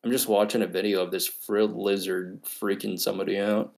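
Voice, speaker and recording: A man's voice: fairly low pitch, flat delivery, brisk, creaky, a little mellow. A young man co-hosting a podcast, chatting casually, joking crudely and laughing a lot. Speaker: podcast co-host. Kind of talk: casual chat.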